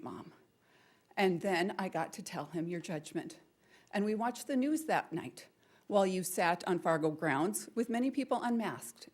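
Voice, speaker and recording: A woman's voice: fairly low pitch, a little mellow. A woman and parent giving an emotional public comment at a school board meeting, pleading and repeating her questions. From North Dakota, US.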